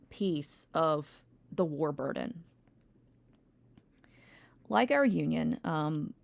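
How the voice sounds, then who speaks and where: A woman's voice: on the low side, vocal fry. A woman teacher giving a recorded history lecture, rambling with wry asides and frequent ums. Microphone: home recording, textbook open nearby.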